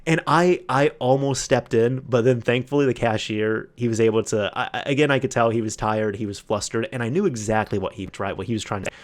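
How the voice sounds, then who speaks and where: A man hosting a solo podcast, telling a long anecdote in a casual, animated way, acting out the other people's lines and often restarting his sentences. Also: mid-range voice, a little fast, few pauses. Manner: animated retelling with quoted voices, frequent restarts. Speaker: podcast host.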